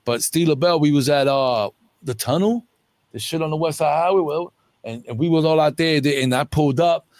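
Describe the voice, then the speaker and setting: A man's voice: on the high side, fairly quick, darkish tone, no echo. Profane middle-aged man telling street stories. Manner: profane, rambling street slang. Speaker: interview guest. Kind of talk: casual storytelling interview.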